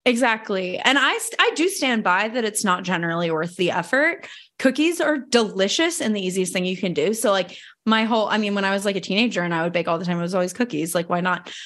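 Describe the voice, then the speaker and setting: A woman's voice: mid-range voice, expressive, fast, fairly bright tone. Chatty young woman podcast host. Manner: chatty, laughs often, many fillers. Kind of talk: casual chat. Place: home in Denver.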